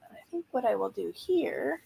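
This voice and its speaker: A woman's voice: fairly high pitch, big pitch swings, moderate pace, vocal fry, warm tone, breathy edge, low-quality recording. A woman chatting casually while she works on a craft project, thinking aloud and explaining each step as she goes. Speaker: journaling crafter. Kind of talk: casual craft tutorial chat.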